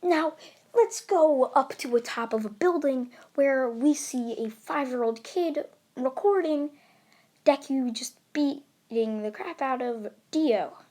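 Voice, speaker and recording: A woman's voice: high-pitched, slow pace, a little mellow. A woman improvising a fan story, rambling with fillers and restarts as she narrates.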